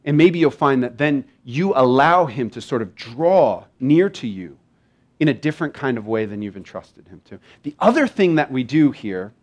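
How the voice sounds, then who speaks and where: A man's voice: mid-range voice, moderate pace, muffled recording. A man preaching a sermon in a conversational way, acting out small dialogues and reading scripture with feeling. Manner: conversational, animated, acts out little dialogues. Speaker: pastor.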